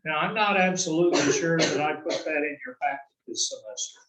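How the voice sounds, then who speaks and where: A man teaching an algebra class, explaining slowly and answering his own questions as he goes. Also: fairly high pitch, a bit bright, echoey room, far from the mic, poor audio. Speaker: math instructor. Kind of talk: recorded classroom lecture.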